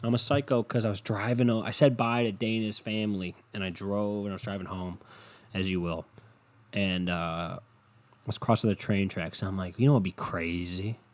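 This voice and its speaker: A man's voice: on the low side, fairly even intonation, normal speed. A young adult man hosting a solo podcast from home, ranting in a profane, sardonic and rambling way. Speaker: podcast host. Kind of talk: casual solo podcast rant.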